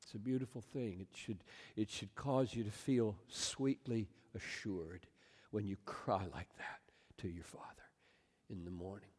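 A man's voice: fairly low pitch, unhurried, husky. Man preaching in a reverberant hall. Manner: swings from loud exclamations to soft near-whispers. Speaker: pastor. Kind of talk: sermon.

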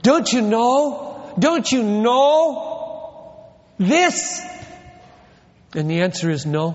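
Emphatic high-voiced male preacher. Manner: emphatic, rhetorical questions, swings from quiet to loud. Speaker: pastor. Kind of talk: sermon. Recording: dull lo-fi recording in a reverberant hall.

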